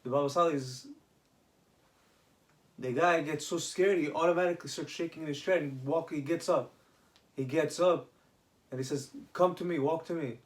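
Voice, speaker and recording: A man's voice: fairly high pitch, moderate pace, pauses often. A man casually telling a religious story, often restarting his sentences. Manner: retells with acted quoted dialogue and many restarts.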